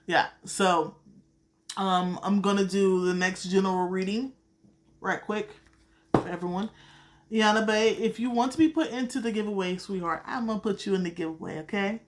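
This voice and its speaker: A woman's voice: medium pitch, normal speed. A woman with a Southern accent, reading tarot cards on a casual live stream, blunt and profane, calling viewers sweetheart. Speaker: tarot card reader.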